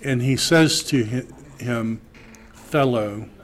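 Male teacher, slow and deliberate, working through a Greek text in class. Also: medium pitch. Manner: slow, reads Greek aloud then translates. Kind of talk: classroom lecture.

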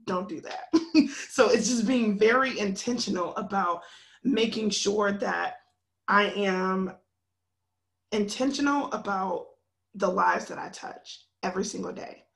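A woman in her thirties, a podcast guest, telling a story in a lively, animated way, often laughing. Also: medium pitch, a little slow, creaky. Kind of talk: casual podcast conversation.

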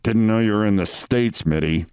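A man's voice: on the low side, moderate pace, a little mellow, smooth, no echo, studio quality, close to an everyday voice. A man voicing a grumbling older male surgeon in a story reading.

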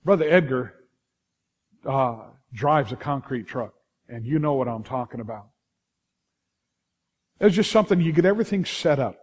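With a mid-range voice at normal speed, the middle-aged Californian pastor leaves long pauses as he preaches. The sermon is lively and anecdotal, peppered with restarts and asides to those listening.

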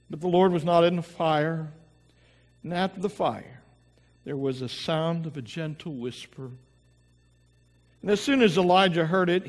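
A male pastor delivers a sermon at an unhurried pace, his voice sitting a little high. He reads scripture aloud, drops in his own asides and prays softly. The sound rings with the long reverb of a church sanctuary.

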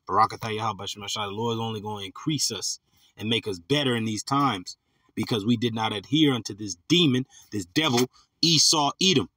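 A man teaching from scripture, reading verses slowly and then commenting in casual slang. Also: on the low side, sharp tone, no room sound. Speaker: preacher.

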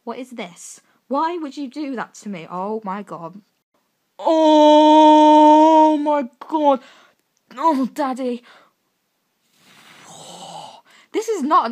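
Gushing, gasping young woman reacting. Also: a little high.

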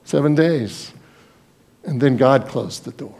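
A man preaching a sermon as pastor, telling Bible stories in a lively way and acting out the people in them. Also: mid-range voice, slow, vocal fry. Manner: storytelling, acts out Bible scenes in quoted voices.

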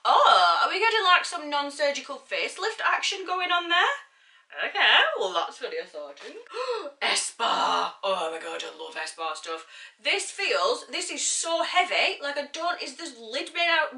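A woman's voice: high voice, sing-song, normal speed, bright, forceful tone, echoey room, recorded from a distance. A woman unboxing beauty products, chatty and self-mocking, reading product blurbs aloud. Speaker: beauty vlogger. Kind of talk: casual unboxing chat.

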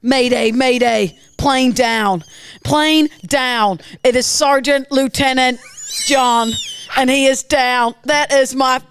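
A woman voicing a panicked male fighter pilot, loud and urgent, near tears. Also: high voice, fairly even intonation, takes it slowly, smooth.

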